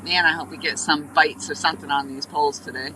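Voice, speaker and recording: A woman's voice: sits low, fairly even intonation, fast, sharp tone, slight background noise, rough recording. A woman from New Hampshire hosting a casual live stream while fishing, rambling through stories and greeting viewers by name. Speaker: livestream host. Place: outdoors on a riverbank, fishing.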